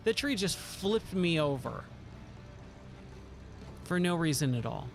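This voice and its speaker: A man's voice: a little high, sing-song, takes it slowly. A man streaming a driving game live, talking through his moves with a self-mocking, exasperated commentary and pleading with the game.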